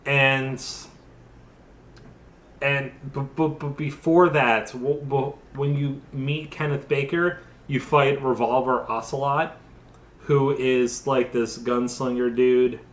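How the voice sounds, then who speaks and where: A tipsy young man rambles through a comedic game recap, piling up fillers and restarts. His voice sits at a middle pitch. The sound is echoey, as in a bare room. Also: fairly even intonation, takes it slowly. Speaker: host.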